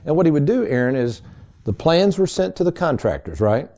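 A man's voice: on the high side, very animated, fairly quick, warm tone. A middle-aged man hosting a financial radio show, telling stories in a folksy, chatty way and calling his listeners folks. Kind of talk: casual storytelling on a radio show.

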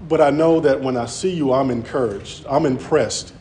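A man's voice: medium pitch, moderate pace, mellow. Earnest man preaching a sermon. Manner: earnest, repetitive, stammering restarts.

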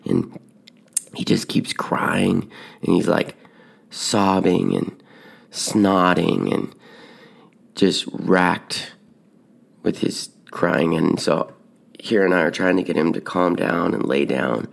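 A man casually telling a personal story on a podcast, building suspense with hushed moments. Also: sits low, takes it slowly, creaky, long pauses. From Tucson, Arizona. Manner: animated, drops to hushed whispers at dramatic moments. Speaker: podcast host telling stories.

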